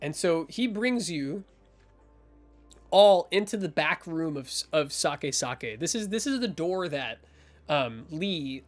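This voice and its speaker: A man narrating as game master in a rambling way, full of fillers and restarts. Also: fairly high pitch.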